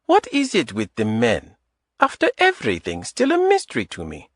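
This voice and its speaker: A man voicing a lively, teasing woman in her early thirties with a light Eastern European accent and slightly broken English, in an audiobook. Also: mid-range voice, normal speed, dry recording, clean studio sound. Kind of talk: audiobook character voice.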